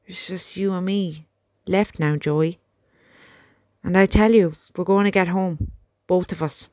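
A woman voicing a gentle young male soldier who talks softly and reassuringly to his horse, in an audiobook. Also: on the low side, fairly even intonation, measured pace, no echo, natural voice. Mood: determined. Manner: soft, chatty, reassuring talk to a horse.

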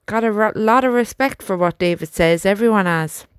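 A woman doing a gentle young soldier. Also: mid-range voice, moderate pace, clean tone, no echo, close to an everyday voice. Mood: fond. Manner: soft, chatty, reassuring talk to a horse. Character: young male soldier, gentle, loyal to his horse.

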